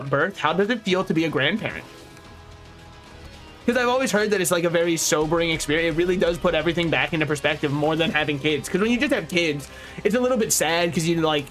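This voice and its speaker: Young male streamer, slightly high voice, dry dark humor, casual game commentary over soft background music. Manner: sardonic, dark deadpan jokes. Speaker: VTuber streamer. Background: faint game music.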